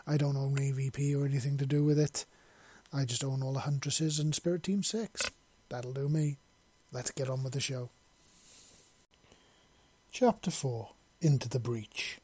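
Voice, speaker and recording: A man's voice: on the high side, mellow, slight background noise. A man reading his fan fiction aloud as an audiobook narrator, chatty and eager.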